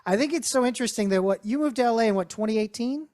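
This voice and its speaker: A man's voice: very high voice, quick pace, darkish tone. A man from Canada co-hosting a podcast, introducing a guest and teasing him in casual chat. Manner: teasing, playful. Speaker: podcast co-host.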